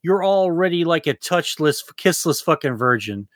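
A man's voice: on the high side, animated, normal speed, fairly bright tone, dry recording, studio quality. A man co-hosting a podcast, rambling loosely with lots of swearing and jokes. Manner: rambling, profane, loose and jokey. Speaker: podcast co-host. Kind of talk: casual podcast chat.

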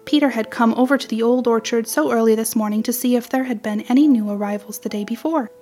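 Woman narrator, children's storybook, fairly high voice, faint music underneath. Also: fast talker, warm tone.

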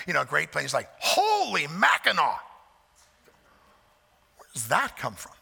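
A man preaching a sermon, emphatic, swelling loud on repeated phrases, with folksy asides. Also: medium pitch, gravelly, slightly rough. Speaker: pastor. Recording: long hall reverb.

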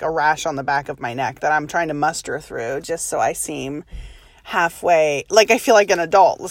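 Woman, 30s, low voice, dry close sound; chatty, self-deprecating storyteller who laughs a lot. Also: no room sound. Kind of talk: casual personal storytelling.

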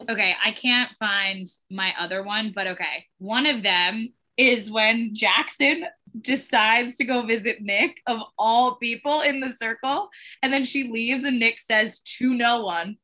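A woman's voice: a little high, moderate pace, sharp tone. A woman hosting a casual recap podcast, leading the segments and swearing freely. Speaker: podcast host.

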